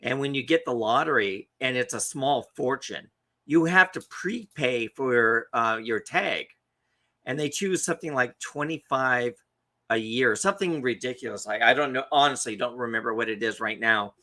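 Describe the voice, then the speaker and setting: A man co-hosting a podcast, telling a story in a casual, animated way and acting out the quotes. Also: mid-range voice, normal speed. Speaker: podcast co-host.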